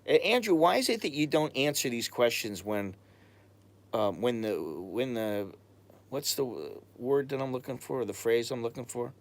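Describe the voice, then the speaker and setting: A man's voice: mid-range voice, sing-song, moderate pace. American man, casual live-stream chat, rambling, blunt, stops to hunt for words. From United States. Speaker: expat vlogger answering live chat.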